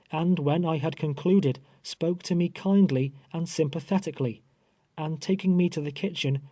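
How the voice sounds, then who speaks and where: A man reading an audiobook aloud in measured, grave first-person storytelling. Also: fairly high pitch, warm tone, no echo. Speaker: audiobook narrator. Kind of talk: scripted first-person narration.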